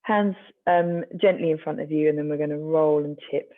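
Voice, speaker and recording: A stretching instructor, guiding a class gently and encouragingly, with light self-mocking asides. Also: medium pitch, fairly even intonation, moderate pace. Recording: tinny phone-like sound.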